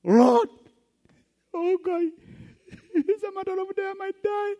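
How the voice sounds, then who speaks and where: A man voicing a poor, pious woman who prays in loud, high, wailing cries. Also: lively intonation, slow, heavily acted. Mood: desperate crying. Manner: wailing high-pitched prayers, crying out. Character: pious poor woman praying loudly, desperate and devout.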